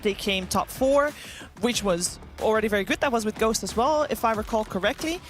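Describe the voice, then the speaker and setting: A woman hosting a live esports analysis desk, cheerful and quick to laugh as she steers toward the matches. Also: on the high side, fairly bright tone. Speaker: esports caster and desk host. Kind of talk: live broadcast desk talk.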